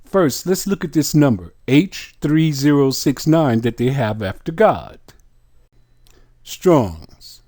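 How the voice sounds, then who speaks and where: A man preaching a sermon, reading scripture aloud and putting pointed questions to his listeners in a slow, emphatic teaching manner. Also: mid-range voice, mellow.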